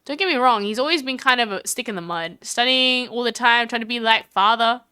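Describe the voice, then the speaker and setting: A woman's voice: fairly high pitch, brisk, bright, forceful tone, clean tone, no echo, studio quality. A woman with an Australian accent reading the lines of a goofy, boastful young man in a casual, rambling way.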